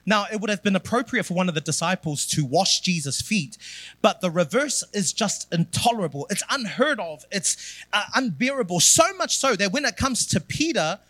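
A man's voice: sits high, expressive, moderate pace, bright, forceful tone, dry recording. A man preaching a sermon as pastor, building emphatic repeated phrases.

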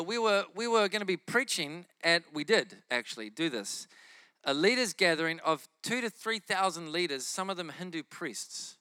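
A man preaching a sermon, telling a testimony in an animated way and acting out his own inner voices. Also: high-pitched, dry recording, clean studio sound.

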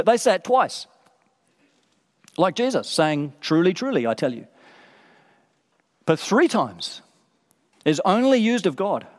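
A male preacher with a fairly high voice delivers a sermon in an emphatic, repetitive style, stacking short phrases one on another. His voice rings out with a long reverb, as if filling a large hall. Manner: emphatic, repeats phrases for effect.

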